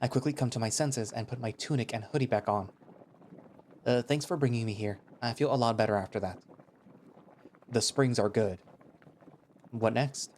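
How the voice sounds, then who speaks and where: A man's voice: mid-range voice, brisk, a little mellow, slight background noise. A man narrating a visual novel in the first person, in a casual, chatty way that turns hesitant in dialogue.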